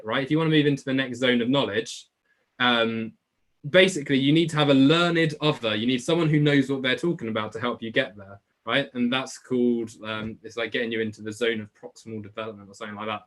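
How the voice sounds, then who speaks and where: A man's voice: medium pitch, a little fast. A young man with an Essex accent tutoring biology in a casual live online class, chatty and informal, reading and answering questions from the chat. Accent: Essex English. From England. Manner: chatty and informal, lots of "like" and "right?". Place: home room, alone.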